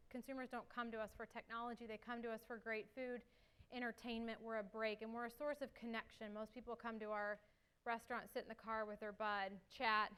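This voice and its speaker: A young woman giving an energetic conference talk and answering questions, a little out of breath. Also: a little high, smooth. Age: young adult. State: slightly out of breath. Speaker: marketing executive speaker.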